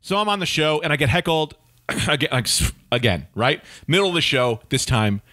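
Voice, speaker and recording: A man's voice: a little high, normal speed, no room sound. Male comic, storytelling mode, bouncy delivery, very dry close sound. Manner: animated, rambling, heavy on filler words. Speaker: stand-up comedian.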